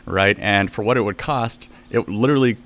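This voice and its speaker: A man's voice: lowish voice, normal speed, fairly bright tone. A man hosting a podcast interview, talking in a casual, chatty way and laughing easily as he introduces topics and asks questions. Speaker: podcast host.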